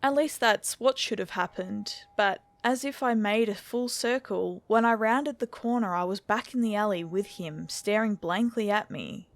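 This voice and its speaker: A woman narrating a scripted horror story in a steady, measured storytelling voice. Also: mid-range voice, dry recording.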